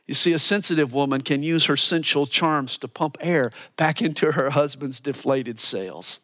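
A man preaching a sermon as a pastor, animated and earnest, dropping to hushed asides for emphasis. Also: on the high side, moderate pace, few pauses. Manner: animated preaching, mimics voices for quotes.

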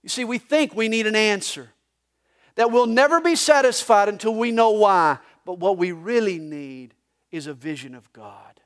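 Southern preacher guy, high voice, gets loud then goes real quiet, live sermon in church. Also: normal speed. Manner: animated preaching, voices for God and Job, rising and dropping to a hush. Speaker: pastor. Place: church service.

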